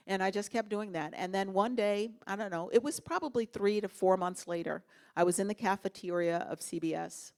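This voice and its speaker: A woman speaking as a guest in an interview at a university lunch talk, telling her story in an earnest, expressive way. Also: mid-range voice, brisk, hardly any pauses.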